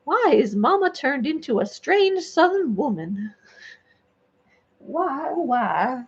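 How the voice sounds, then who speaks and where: Put-on voice: woman doing her pet cat, whiny and high, plaintive questions, muffled lo-fi audio. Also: very animated, takes it slowly, full character voice. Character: whiny pampered male house cat, pestered. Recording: dull lo-fi recording.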